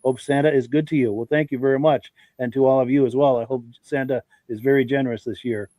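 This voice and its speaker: A man's voice: mid-range voice, steady tone, quick pace, mellow, dry recording. A man with a congested voice hosting a live podcast, reading out viewer comments in a friendly, folksy way. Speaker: podcast host.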